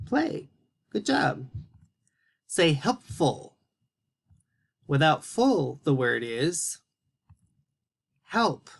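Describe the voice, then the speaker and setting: Guy teacher doing a kids' phonics lesson, really slow and patient, spells every word out clearly. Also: mid-range voice, fairly bright tone. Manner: slow, encouraging, carefully spelled-out words for young kids.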